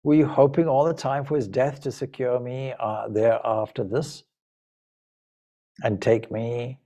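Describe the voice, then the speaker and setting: A man's voice: steady tone, unhurried, mellow, dull audio, lightly acted. A man voicing a distraught young princess from an epic, pleading and then hurling accusations. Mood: furious. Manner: pleading, pitch rising high in agitation.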